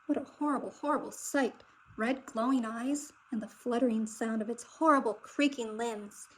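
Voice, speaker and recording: A woman narrating a children's picture book aloud with expressive, dramatic delivery. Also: fairly high pitch, moderate pace, a little hiss or hum, poor audio. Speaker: storybook reader.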